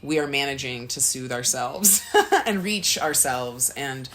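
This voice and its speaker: A woman co-hosting a casual spiritual podcast, telling a personal story earnestly and acting out her own thoughts in a higher voice. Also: lively intonation, unhurried, a bit bright, a little hiss or hum. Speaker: podcast co-host.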